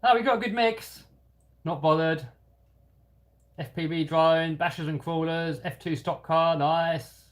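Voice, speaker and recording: A man's voice: fairly high pitch, measured pace. A man with a light London-area English accent, chatting casually and self-deprecatingly as he hosts a live stream and answers viewer comments. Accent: London-area English, lightly Cockney. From England. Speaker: host of a hobby channel live stream.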